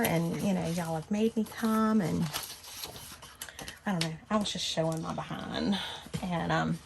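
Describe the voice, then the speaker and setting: A woman in her fifties chats easily through a long personal story. Her voice sits a little low and has a gravelly fry, and she livens up whenever she acts out her own lines. A steady hiss of noise runs under the home recording. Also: unhurried, long pauses. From Southern United States. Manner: chatty, animated when quoting herself. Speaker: crafting channel host. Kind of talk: casual storytelling chat.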